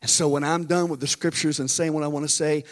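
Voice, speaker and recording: A man, a pastor preaching and telling a story in an animated, folksy way with dramatic pauses. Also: on the high side. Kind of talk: storytelling sermon. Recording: long reverb in a large hall.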